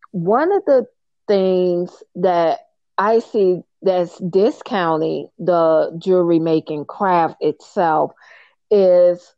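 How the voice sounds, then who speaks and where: A woman's voice: on the low side, dry recording. A woman hosting an interview, speaking candidly and with emphasis. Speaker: podcast host. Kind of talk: conversational interview. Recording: dull, slightly lo-fi audio.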